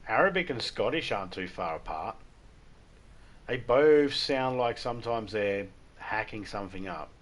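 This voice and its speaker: This Australian gaming livestreamer has a lowish voice with lively intonation and a moderate pace. He chats casually while playing, rambling through jokes in an irreverent way.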